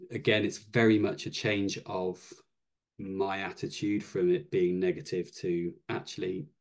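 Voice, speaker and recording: A man who stammers, speaking as a guest in a casual podcast interview. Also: sits low. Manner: stammers, halting.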